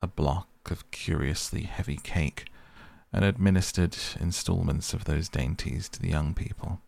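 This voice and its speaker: A man's voice: low voice, creaky, no room sound. A man narrating a classic novel as a soothing bedtime sleep story. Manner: soft, slow, soothing. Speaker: podcast reader.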